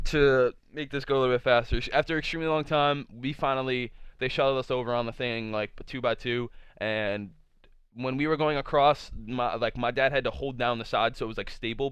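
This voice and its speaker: Smooth-voiced young man rambling through a story. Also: mid-range voice, a bit bright, no echo. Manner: rambling, full of "like" fillers, profane. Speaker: vlogger. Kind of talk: casual storytime. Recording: dull lo-fi sound.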